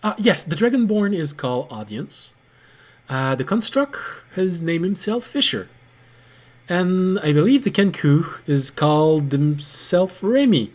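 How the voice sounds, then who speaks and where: A man narrating as game master in a tabletop game, friendly and laughing often, with many fillers. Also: on the high side.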